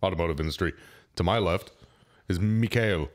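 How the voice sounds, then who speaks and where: A man co-hosting a casual podcast chat, joking and throwing in quick asides. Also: sits low. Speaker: podcast co-host, service advisor.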